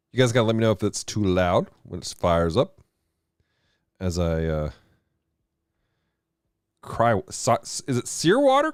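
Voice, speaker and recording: A man hosting a casual game livestream, animated and laughing often as he reads viewer comments aloud. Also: mid-range voice. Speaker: game streamer and show host.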